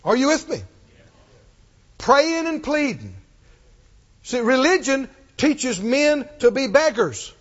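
A man preaches with an unusually high voice that swoops up and down as he hammers the same phrases again and again. He calls on his congregation to say the words back to him. The dull, muffled recording rings with the long reverb of a large hall. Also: big pitch swings, takes it slowly, long pauses. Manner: emphatic and repetitive, leads call-and-response. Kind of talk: sermon. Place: church.

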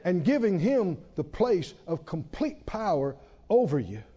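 A man preaching a sermon in an animated, storytelling way, often chuckling. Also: high-pitched, unhurried, breathy edge, in a large hall, highs cut off.

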